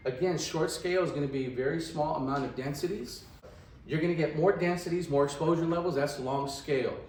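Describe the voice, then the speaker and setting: A man's voice: a little high, a little fast, darkish tone, echoey room, recorded from a distance, a little hiss or hum, poor audio. A man teaching radiography in a casual lecture style, often checking in with "right?". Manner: chatty, asks "right?" often. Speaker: radiography instructor.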